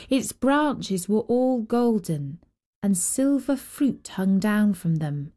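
A woman hosting and narrating a fairy tale with gentle, expressive storytelling. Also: a little high. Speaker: storyteller and host.

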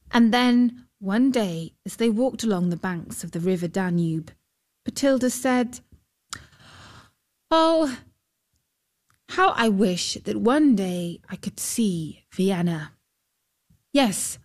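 A woman narrating a fairy tale in a gentle, expressive storybook style. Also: mid-range voice.

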